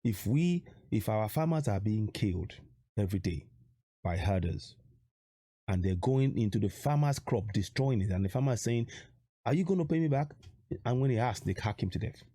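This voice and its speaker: Low, dark-voiced man making an urgent appeal. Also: animated, normal speed, no echo. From Nigeria. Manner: urgent, repetitive rhetorical questions. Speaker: activist vlogger. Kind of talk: direct-to-camera appeal.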